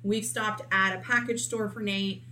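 Bright-voiced woman telling a candid story. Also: medium pitch, moderate pace, a little hiss or hum. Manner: candid, animated, acts out quotes. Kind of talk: casual storytelling chat.

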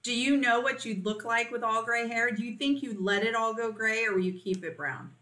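Chatty female co-host, 30s, bright, forward voice, asks the questions. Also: fairly high pitch, a little fast. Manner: chatty, steers topics with questions. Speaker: podcast co-host. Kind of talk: casual chat.

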